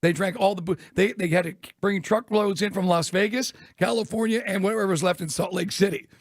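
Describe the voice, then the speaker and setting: A man co-hosting a sports radio show, telling stories quickly and laughing often. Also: high voice, steady tone, no room sound, clean studio sound. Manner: rapid storytelling, laughs often. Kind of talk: casual radio chat.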